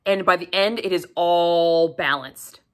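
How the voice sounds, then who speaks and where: A woman casually reviewing a book on camera, swearing freely and talking in an animated, emphatic way. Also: lowish voice, measured pace.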